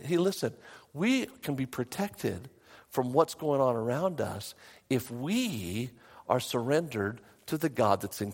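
Fervent preaching man in reverberant hall. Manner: emphatic preaching, voice rising high in bursts. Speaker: pastor. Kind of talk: sermon.

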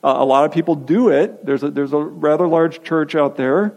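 A man's voice: fairly high pitch, moderate pace, hardly any pauses, a little mellow, poor audio. Man preaching with emphatic repetition. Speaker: pastor. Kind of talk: sermon.

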